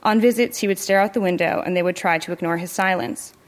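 A woman's voice: on the low side, fairly even intonation, fast. Woman reading literary fiction. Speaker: narrator.

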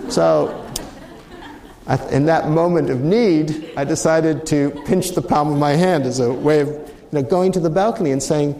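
A middle-aged man speaks as a mediator, his voice a little high and gravelly with a mellow tone. He tells his story reflectively and often restarts his phrases. The sound is roomy and echoey. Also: normal speed. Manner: reflective, anecdotal, frequent restarts. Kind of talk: storytelling talk. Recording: roomy echo.

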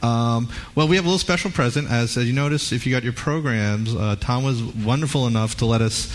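A man's voice: mid-range voice, brisk. A man moderating a live event, upbeat and peppered with fillers.

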